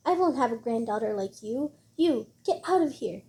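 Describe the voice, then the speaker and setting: A woman reading a storybook voices an indignant old grandmother who scolds in a shrill, raised voice. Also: animated, moderate pace, mellow, lightly acted. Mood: angry scolding.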